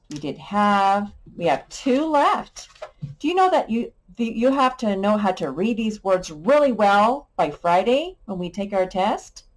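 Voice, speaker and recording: Slow, patient woman teaching sight words. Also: mid-range voice. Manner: slow, patient, playful with sound effects. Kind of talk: sight word lesson for young children.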